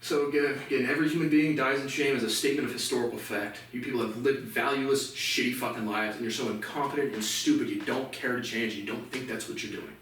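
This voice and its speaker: A man's voice: mid-range voice, steady tone, quick pace, hardly any pauses, a bit bright. A man in a rambling, profane solo monologue, ranting agitatedly on his outdoor porch. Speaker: vlogger. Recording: echoey and distant with faint noise.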